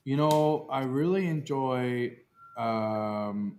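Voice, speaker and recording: A man's voice: medium pitch, extremely slow, darkish tone. A man co-hosting a podcast in joking, playful casual chat. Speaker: podcast co-host.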